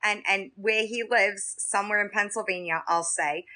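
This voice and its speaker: Chatty New York woman, bright voice. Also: mid-range voice, normal speed. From Staten Island, New York. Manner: talks straight to chat, lively, laughs often. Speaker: live-stream host. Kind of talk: casual live-stream chat with viewers.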